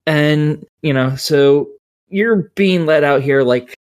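A woman's voice: low-pitched, slow, darkish tone. A woman co-hosting a podcast, reviewing a video game in casual chat with a rambling, profane, sardonic way of talking.

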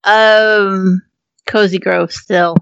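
A woman co-hosting a gaming podcast in casual chat, with a high-pitched voice and a giggly, crude way of joking. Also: fairly even intonation, drawn-out words, gravelly, fairly bright tone, smooth, no room sound, lo-fi sound. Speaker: podcast co-host.

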